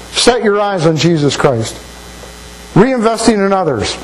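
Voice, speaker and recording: An older man preaches in a folksy, storytelling way, stumbling over and repeating words as he gathers his thoughts. His voice sits a little high for a man, and a faint electrical hum runs under the recording. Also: animated, normal speed, rough recording. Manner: folksy, anecdotal, repeats words while thinking. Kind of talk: sermon.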